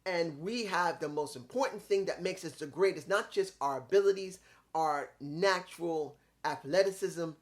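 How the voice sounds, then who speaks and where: A man's voice: on the high side, moderate pace. A man in his fifties giving a casual, rambling review of a wrestling show, often correcting himself mid-sentence and admitting he could be wrong.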